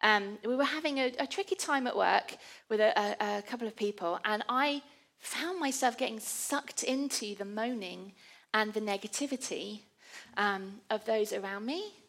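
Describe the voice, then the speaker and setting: A woman's voice: medium pitch, normal speed, vocal fry, fairly bright tone. A woman giving a conversational, self-deprecating sermon. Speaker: preacher.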